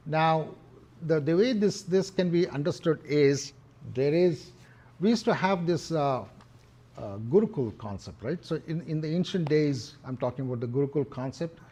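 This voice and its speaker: A middle-aged man with an Indian English accent giving a devotional discourse, talking in a halting way with many fillers and restarts. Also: a little high, expressive, warm tone. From Hyderabad, India. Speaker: temple speaker.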